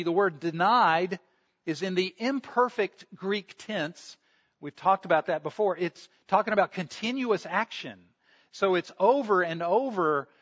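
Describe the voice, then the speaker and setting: A man preaches in a high, expressive voice, slipping into the voices of the people in the story he retells. The recording sounds somewhat dull and lo-fi. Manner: storytelling, acts out quoted voices. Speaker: pastor. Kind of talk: sermon.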